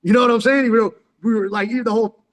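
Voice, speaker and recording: Guy spinning loose street stories into his phone, raised pitch, lots of slang and swearing, in a reverberant space. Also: fairly even intonation, racing, fairly bright tone. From San Diego, California. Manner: profane slang, calls listener "dog" constantly. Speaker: vlogger telling life stories. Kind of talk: rambling street storytelling. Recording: long hall reverb.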